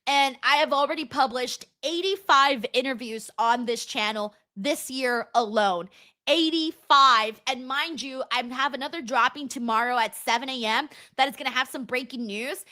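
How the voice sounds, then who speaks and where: A young adult woman hosting a casual livestream, reading out viewer messages in an excitable way, laughing often and swearing freely. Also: high voice, normal speed, hardly any pauses. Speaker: livestream host. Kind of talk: casual watch-along chat, reading viewer donations.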